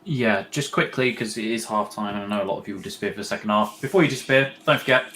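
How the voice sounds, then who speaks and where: A man's voice: fairly low pitch, bright, forceful tone, slight background noise. A young man co-hosting a live football watch-along, chatting casually with lots of fillers and restarts. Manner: rambling, filler-heavy, halting. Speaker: co-host of a fan watch-along.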